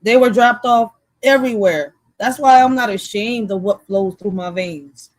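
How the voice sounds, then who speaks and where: A talk-show co-host of Puerto Rican background who grew up in Philadelphia keeps the chat casual and profane, speaking bluntly and laughing often. Her voice is medium-pitched at a moderate pace, with no echo.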